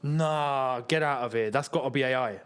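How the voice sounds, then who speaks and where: A man's voice: normal speed, clean tone. A young man hosting a football watchalong stream, talking in a casual, disbelieving way, repeating himself and dropping to a mutter. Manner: incredulous, repeats himself, swings between excited and muttering low. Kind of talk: casual live-stream chat.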